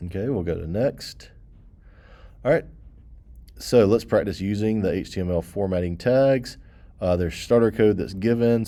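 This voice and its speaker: Low-voiced man teaching code. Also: mellow. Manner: casual, talks through steps with frequent "okay" and "all right". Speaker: computer science teacher. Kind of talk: screen-recorded coding tutorial.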